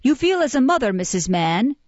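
A woman's voice: on the high side, sing-song, a little fast, a little mellow, no echo, dull audio, voice pushed up. A woman reading aloud, voicing a pompous, self-important male parish official who loves his own oratory. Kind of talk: audiobook character reading.

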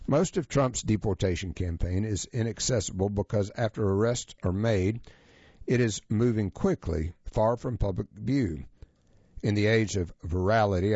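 A man presenting a magazine feature as scripted narration, reading in a measured, even manner. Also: on the low side, no room sound. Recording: dull, lo-fi, dry sound.

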